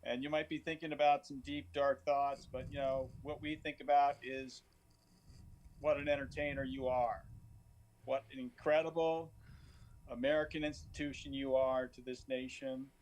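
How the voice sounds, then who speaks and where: A man's voice: medium pitch, little pitch movement, moderate pace, a little mellow. A man who is the show's producer, speaking earnestly and gushing with over-the-top praise in comedic banter. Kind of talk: comedic variety show banter. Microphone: studio microphone.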